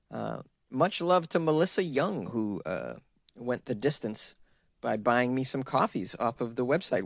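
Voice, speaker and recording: Podcast guy rambling and joking around, mid-pitched, dry close sound. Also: no echo. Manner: rambling, jokey, lots of fillers. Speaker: podcast host. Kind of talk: casual chat.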